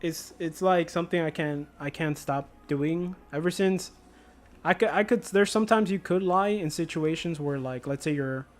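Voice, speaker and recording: A man's voice: a little high, moderate pace. A man streaming a video game, chatting casually and jokingly with viewers, laughing often. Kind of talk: casual livestream chat.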